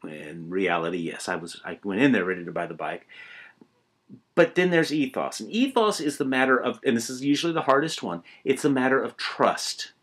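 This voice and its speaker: An older man teaching a college writing class in a relaxed, conversational way, telling stories with many asides and restarts. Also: mid-range voice, brisk, slightly rough. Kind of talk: informal recorded lecture.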